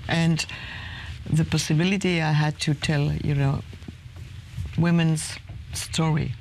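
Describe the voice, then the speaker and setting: Gravelly, slightly high film actor, grateful and reflective in interview. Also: male voice, flat delivery, slow pace, darkish tone, slight background noise. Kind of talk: interview answer.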